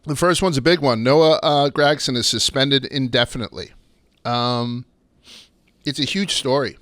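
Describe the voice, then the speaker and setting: A man with a bright, forceful voice hosts a laid-back podcast and spins stories with plenty of swearing. His delivery is clean and crisp, recorded close and dry with no room sound. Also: mid-range voice, normal speed, no room sound. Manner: loose and swearing, storytelling. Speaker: podcast host. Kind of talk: casual podcast chat.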